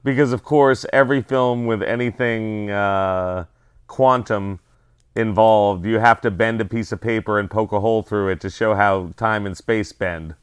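Smooth-voiced man with wry asides. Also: fairly low pitch, steady tone, a little slow, dry recording. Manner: wry, teasing interjections. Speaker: podcast co-host. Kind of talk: casual movie chat.

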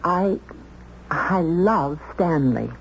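A woman's voice: on the low side, expressive, very slow, creaky, full character voice. A woman playing a timid, prim young secretary in a 1970s radio drama, often stammering when flustered. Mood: firm. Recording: dull old radio broadcast with faint hiss.

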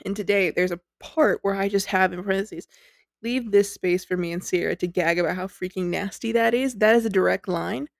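A woman's voice: medium pitch, brisk, gravelly, no room sound. A woman hosting a podcast, telling a story in a chatty, giggly, self-deprecating way into a close mic. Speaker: podcast host.

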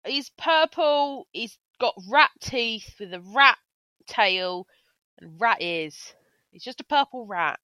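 A woman's voice: fairly high pitch, animated, takes it slowly, sharp tone, no room sound, rough recording. A woman co-hosting a podcast in casual comedic chat, exaggerated and exasperated in her jokes. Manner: exaggerated, exasperated and jokey, with frequent laughter. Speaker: podcast co-host.

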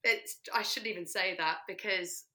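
Woman podcast co-host, bright voice, giggly, casual. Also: lowish voice, normal speed. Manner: giggly, hesitant. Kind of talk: casual chat.

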